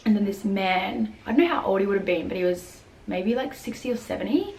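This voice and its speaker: A woman's voice: mid-range voice, animated, brisk, darkish tone. A young woman vlogging casually, telling a story with lots of "like" fillers and acted-out quotes. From Australia. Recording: echoey room with faint background noise.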